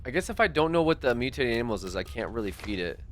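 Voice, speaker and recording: A man's voice: medium pitch, very animated, quick pace, a little hiss or hum. A man streaming a game live, talking back to his chat in an exasperated, swearing rant. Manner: frequent swearing. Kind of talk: live gaming stream commentary.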